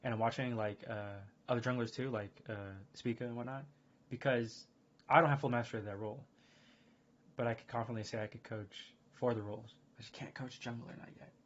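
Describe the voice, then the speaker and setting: A man streaming casual chat, rambling and excitable, full of fillers and restarts. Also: medium pitch, fairly quick. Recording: dull lo-fi stream audio.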